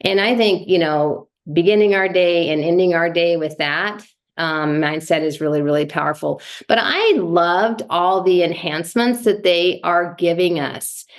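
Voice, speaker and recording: A woman's voice: lowish voice, a little slow. A woman sharing thoughts in a team meeting, chatty and rambling, with many fillers. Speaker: meeting participant. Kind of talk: casual chat.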